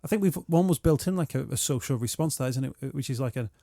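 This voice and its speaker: A male host asks gentle, thoughtful questions. His voice is mellow and dark, recorded close and dry on a studio microphone. He searches for words calmly as he frames each question. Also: mid-range voice, fast, no room sound. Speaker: radio show host. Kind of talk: interview questions.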